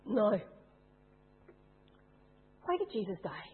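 A woman's voice: mid-range voice, sing-song, takes it slowly, a little hiss or hum. A woman preaching a sermon, putting questions to her congregation. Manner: asks the congregation rhetorical questions. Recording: tinny phone-like sound.

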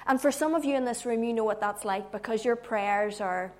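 A woman preacher giving a sermon with humorous asides, moving from loud emphasis to hushed tones. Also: fairly high pitch, brisk.

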